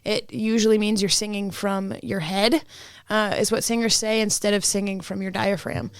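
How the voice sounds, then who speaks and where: A woman's voice: medium pitch, fairly even intonation, moderate pace, clean tone, no echo, studio quality. Chatty opinionated woman from Indiana. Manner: chatty, opinionated, filler-heavy. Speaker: guest co-host. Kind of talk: casual podcast chat.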